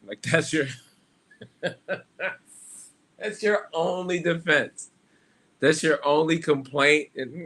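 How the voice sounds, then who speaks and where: A man's voice: mid-range voice, lively intonation, takes it slowly, long pauses, bright, forceful tone. A young man hosting a casual solo livestream, rambling and joking at his own expense, swearing freely and laughing often. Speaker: livestream host.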